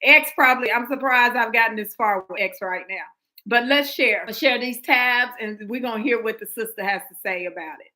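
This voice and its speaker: A woman's voice: on the high side, normal speed, pushed and bright, rough recording. An American woman hosting a livestream commentary, talking emphatically to her viewers with frequent restarts. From United States. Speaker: livestream host.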